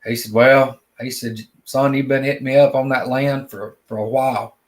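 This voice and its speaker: A man's voice: medium pitch, fairly even intonation, normal speed. A man, telling a long personal story in plain, drawling talk, often repeating words as he goes. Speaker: guest storyteller. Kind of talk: casual spoken storytelling.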